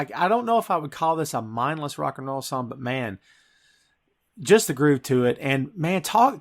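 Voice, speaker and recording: A man's voice: a little high, a bit bright. A man hosting a podcast in casual chat, talking with gushing enthusiasm. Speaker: podcast host.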